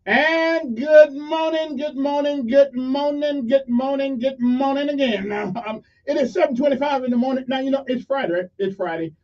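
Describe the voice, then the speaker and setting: A man's voice: very high voice, moderate pace, hardly any pauses, darkish tone, recorded from a distance. An older man hosting a casual morning radio talk show, rambling and joking with many fillers. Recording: muffled audio from off mic.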